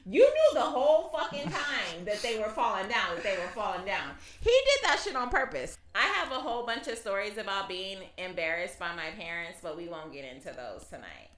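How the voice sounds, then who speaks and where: A woman in her thirties co-hosting a podcast, telling stories in a loud, profane, animated way. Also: medium pitch, fairly quick, few pauses. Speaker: podcast co-host. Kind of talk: casual chat. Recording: echoey room.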